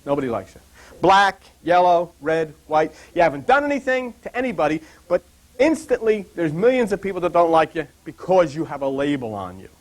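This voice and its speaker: Older man teaching, high and animated. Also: a little fast. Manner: animated, digressive storyteller. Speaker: Bible teacher. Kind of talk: rambling anecdotal Bible talk.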